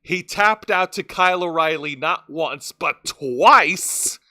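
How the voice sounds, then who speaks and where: A man with a bright, slightly higher voice recaps wrestling shows in loose podcast chat. He rambles, trips over words and restarts lines. The sound is dry and close to the mic. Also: slow pace, dry recording. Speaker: wrestling show co-host.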